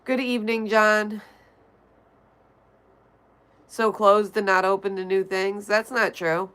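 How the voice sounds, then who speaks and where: A woman on a livestream works through her chat, reading messages out and answering them in a blunt, offhand way. Her voice is smooth and clean, sitting in a middle register. She pauses now and then to vape between remarks. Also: medium pitch, flat delivery, a bit bright. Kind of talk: casual chat reading viewer comments.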